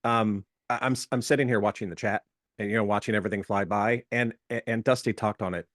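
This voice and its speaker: A man on a video call gives blunt feedback to a workshop group, talking fast and insistently. He trips and restarts words as he pushes his point. The sound is dry, with no room echo. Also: on the low side, steady tone. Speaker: workshop panelist.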